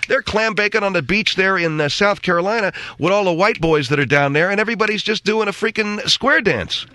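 A man's voice: high-pitched, fairly quick, pushed and bright, no echo. A man hosting a talk show, delivering a sarcastic, rambling opinion monologue.

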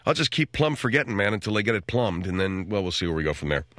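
A man's voice: fairly low pitch, very animated, fast, a bit bright, no room sound, studio quality. A middle-aged man hosting a radio talk show, telling rambling comic stories and acting out other people's voices along the way. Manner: rambling, wisecracking storyteller who acts out other people's voices.

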